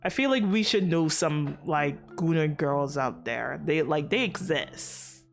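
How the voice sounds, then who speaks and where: A woman's voice: sits low, animated, slow, vocal fry, soft background music. A woman streamer chatting casually on a livestream, rambling and joking crudely into her microphone.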